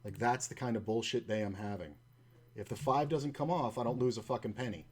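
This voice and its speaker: A man's voice: medium pitch, brisk, slight background noise. A man commenting on his own online poker play, swearing often and telling stories in a frustrated, ranting way. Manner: long anecdote with acted-out quotes.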